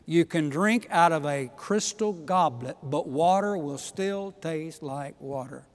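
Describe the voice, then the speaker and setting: A man preaching a sermon, emphatic, swinging from quiet asides to loud exhortations. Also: fairly high pitch, slow pace, big-room sound. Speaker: pastor.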